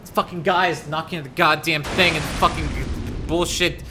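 A man's voice: fairly high pitch, fairly even intonation, moderate pace, music in the background. Frustrated gaming streamer, man. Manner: frustrated, sarcastic, swearing. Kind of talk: let's play commentary.

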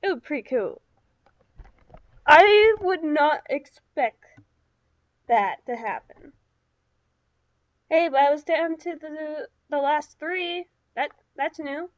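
A high-pitched woman chats her way through a video game in an unhurried, casual way, breaking into excitable yelps and shrieks when startled. The recording sounds slightly dull and lo-fi. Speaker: gaming YouTuber. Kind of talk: casual gameplay commentary.

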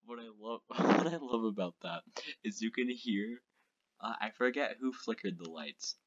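A young man with a medium-pitched voice speaks at normal speed on a lo-fi recording. As a video host giving reaction commentary, he rambles and pokes fun at his own old short films.

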